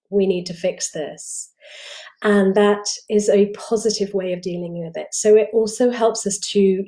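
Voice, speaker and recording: A woman's voice: medium pitch, dark tone. A woman coaching parents, explaining things reassuringly and often restarting her phrases. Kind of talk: explanatory talk to camera.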